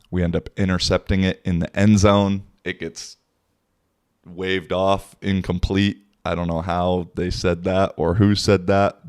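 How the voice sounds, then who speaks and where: A man's voice: sits low, darkish tone, clear, resonant tone, no echo, studio quality. A man, hosting a casual podcast and telling a rambling story with swearing and laughs. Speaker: podcast host. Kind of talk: casual solo podcast talk.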